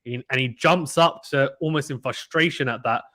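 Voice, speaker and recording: A man streams live tennis commentary from home, talking casually into a desk microphone. He is chatty and excitable, jumping up in voice when a player misses. His pitch sits in an ordinary middle range. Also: normal speed.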